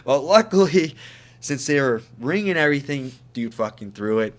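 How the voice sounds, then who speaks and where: A young man co-hosts a podcast, swapping stories in casual chat packed with swearing and laughter. He talks briskly in a slightly high, expressive voice, with a little hiss or hum on the recording.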